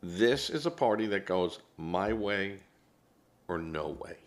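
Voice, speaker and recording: A man's voice: low-pitched, animated, slow. A man giving opinionated political commentary as host, rambling and hesitant, often correcting himself.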